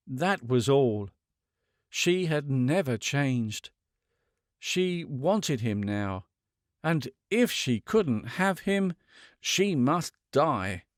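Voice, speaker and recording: A man narrates a classic novel in a measured, dramatic reading. He takes his time, lets his slightly high voice rise and fall with feeling, and sounds close and dry on a studio mic. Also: no echo. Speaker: audiobook narrator.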